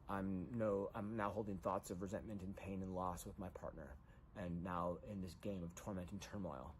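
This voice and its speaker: A man's voice: lowish voice, a little hiss or hum. A middle-aged man in a rambling, emotional confessional monologue, distraught and repeating himself. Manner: rambling, repetitive, grief-stricken, voice rising when agitated. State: distraught after a breakup and a loss.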